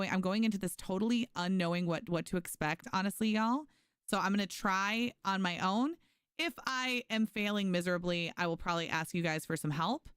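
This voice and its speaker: A woman's voice: mid-range voice, clean tone, no echo, clean studio sound. A young woman streaming a game, chatting casually with her viewers and thanking them. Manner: chatty, animated, reads chat aloud and thanks viewers. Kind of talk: casual livestream gaming chat.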